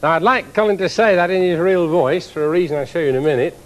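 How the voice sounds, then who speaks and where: A man, an engineering professor, giving a televised science lecture to a live audience in a lecture theatre, explaining with lively demonstrations. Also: fairly high pitch, quick pace, slight background noise.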